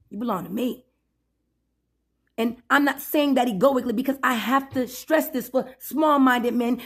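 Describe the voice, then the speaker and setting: A woman ranting in a satirical sermon style, preachy and profane, stretching out emphatic phrases and bursting into loud outbursts. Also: high voice. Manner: preachy and profane, calls listener 'boo' and 'my friend'. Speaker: self-styled spiritual preacher.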